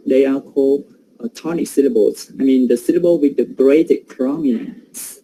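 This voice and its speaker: A man's voice: mid-range voice, moderate pace, warm tone, a little hiss or hum, poor audio. A man giving an academic presentation on pronunciation, hesitant and full of fillers.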